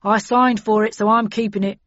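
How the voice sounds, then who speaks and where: A woman's voice: medium pitch, steady tone, normal speed, fairly bright tone, no echo, close to an everyday voice. A woman doing a stern by-the-book male agent. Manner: stiff, rule-bound, emphatic. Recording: dry, slightly dull audio.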